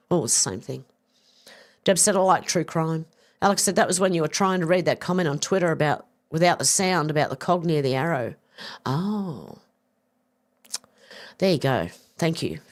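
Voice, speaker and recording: A middle-aged Australian woman hosting a livestream, reading viewer comments aloud in a chatty, casual way with some swearing. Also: lowish voice. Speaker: livestream host reading chat. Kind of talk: casual chat.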